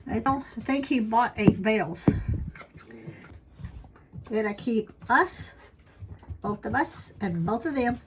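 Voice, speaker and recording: A woman vlogging casually from the floor of her home, talking slowly and fondly to her dogs. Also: fairly high pitch, lively intonation, noisy background. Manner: slow, unhurried, talks fondly to her dogs. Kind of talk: casual home vlog chat. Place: indoors at home, sitting on the floor. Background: dogs barking.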